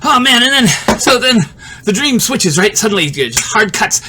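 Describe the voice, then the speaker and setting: A man telling a personal story in a casual monologue, animated, laughing often and swearing freely. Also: high voice, moderate pace, slight background noise.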